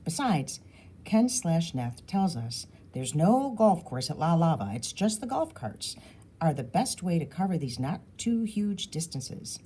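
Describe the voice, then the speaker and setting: A woman reading a children's novel aloud in a lively, expressive storytelling manner. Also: on the low side, unhurried, husky. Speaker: audiobook reader.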